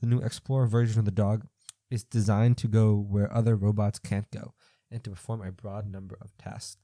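A man's voice: on the low side, little pitch movement, normal speed, dark tone, no room sound. A young man hosting a podcast, reading out odd news stories and reacting with rambling, incredulous asides full of fillers. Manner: rambling, incredulous, thinks aloud with many fillers. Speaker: podcast host. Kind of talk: casual commentary reading news stories aloud.

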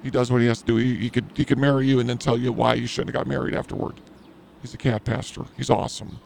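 A man's voice: medium pitch, flat delivery, quick pace, creaky, darkish tone, slight background noise. A man hosting a podcast, telling a crude story in a rambling, self-mocking comedic way. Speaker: podcast host.

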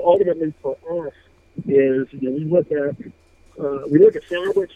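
A man's voice: on the high side, no echo. Man on a tinny phone line. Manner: rambling, many fillers and restarts. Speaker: fishing apparel brand co-founder. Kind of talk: casual radio interview.

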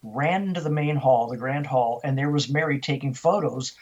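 Heard on a muffled recording, this older man speaks at a moderate pace in a mid-range voice. He's the interview guest, narrating a story with animation while restarting and repeating words often.

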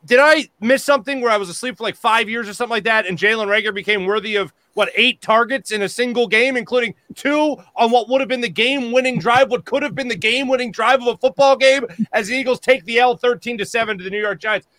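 A male host opening a live post-game show, his voice high and bright. He sounds sarcastic and exasperated about the result, and his sound is dry and close. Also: fast talker, hardly any pauses, no room sound.

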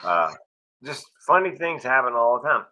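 A middle-aged male guest speaker tells wry personal stories and acts out each line of dialogue. His voice is very bright, with a middling pitch. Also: sing-song, normal speed, poor audio. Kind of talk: storytelling interview.

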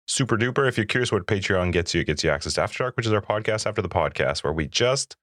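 Deep-voiced laid-back podcast host. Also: male voice, lively intonation, rapid-fire, fairly bright tone, no echo, studio quality. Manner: laid-back, joking, laughs easily. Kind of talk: casual chat.

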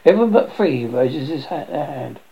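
A woman's voice: low-pitched, expressive, normal speed, gravelly. A woman reading a comedy play aloud, giving the stage directions plainly. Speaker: reader. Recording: dull lo-fi recording.

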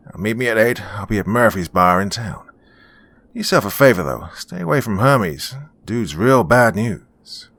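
Man voicing wry old man, laid-back and chummy, deep voice, spoken story. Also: animated, normal speed, fairly bright tone, no room sound. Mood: easygoing.

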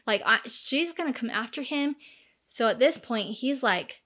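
A woman's voice: on the high side, lively intonation, a little slow, a bit bright. A woman in her thirties casually recounting a true crime case, chatty and full of fillers, acting out the quoted lines. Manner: chatty, many fillers, acts out quoted dialogue.

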